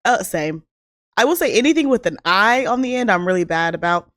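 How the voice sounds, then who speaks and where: A woman's voice: mid-range voice, brisk, dry recording, clean studio sound. A woman from the American South with a Southern accent, co-hosting a casual podcast and telling the story with lots of laughs. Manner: giggly, animated storyteller. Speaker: podcast co-host.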